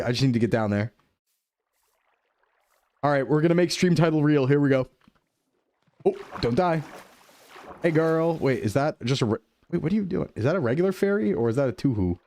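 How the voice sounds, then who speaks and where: Young guy streamer chatting over a game, animated pitch, dry close mic, goofy and playful. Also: moderate pace, pauses often, dry recording. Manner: playful, jumps into goofy voices and dub impressions. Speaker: VTuber streamer. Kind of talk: casual gaming chat.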